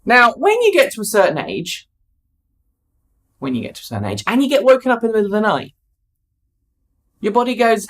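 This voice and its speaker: A chatty, wry woman vlogging, tired but animated, her pitch rising and falling freely as she tells a rambling story. She keeps wandering off into asides. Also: brisk, long pauses. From United Kingdom. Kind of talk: storytelling monologue.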